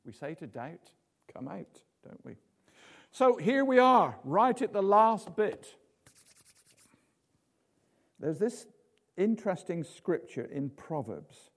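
A man's voice: high voice, big pitch swings, slow pace, pauses often. A man preaching an informal sermon in a chatty, jokey way, full of tag questions.

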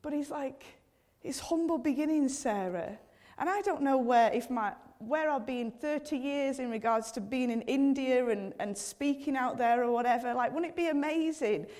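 Earnest woman preacher, higher voice. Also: moderate pace, few pauses, darkish tone. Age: 30s. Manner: earnest, conversational, many fillers and repeated appeals to God. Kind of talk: sermon.

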